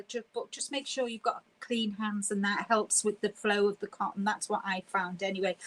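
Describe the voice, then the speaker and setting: A woman hosting a casual live stream, chatty and quick to laugh as she reads viewer comments aloud. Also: mid-range voice, low-quality recording.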